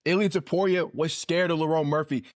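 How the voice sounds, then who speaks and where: An American man argues in a casual podcast debate, insistent and stubborn, calling everyone bro. His voice sits a little high and comes through dry and close with no room sound. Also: fairly even intonation, fairly quick, no echo. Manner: insistent, argumentative, says bro often. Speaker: podcast co-host.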